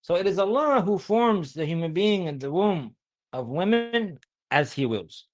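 A man with a high voice preaches to young listeners. He keeps asking them questions. He recites Arabic verses and explains each one in plain words. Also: very animated, unhurried. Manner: asks the audience many questions. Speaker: Islamic preacher.

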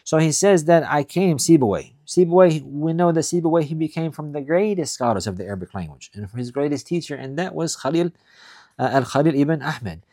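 A male teacher talks quickly in a slightly high voice, giving a lesson. He reads Arabic passages at speed, then explains them in English, repeating key points emphatically. The recording is dry and close, with no room echo. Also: mellow. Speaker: Islamic studies teacher.

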